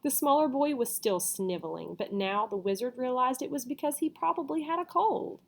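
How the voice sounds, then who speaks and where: A woman reading a storybook chapter aloud, with casual asides and quick self-corrections. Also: high voice, expressive, creaky. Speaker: reader.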